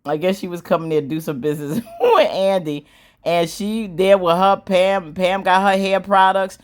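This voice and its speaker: This is a woman with a low-pitched voice casually recapping a TV drama. Her delivery is animated and full of slang. She acts out the characters' lines as she tells the story. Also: normal speed. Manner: animated, slangy storytelling with squealing acted-out quotes and laughs. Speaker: show recap host.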